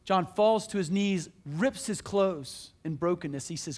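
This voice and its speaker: A man preaching a sermon as pastor, telling a story in an animated, emphatic, conversational way in a church. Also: high-pitched, normal speed, few pauses.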